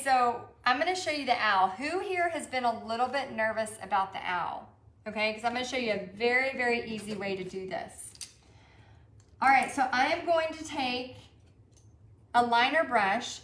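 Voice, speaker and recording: A woman with a Texan accent leads a live-streamed painting lesson as a paint party instructor, chatting and reading out viewers' comments. Her voice sits a little high with a fairly bright tone. The sound is roomy.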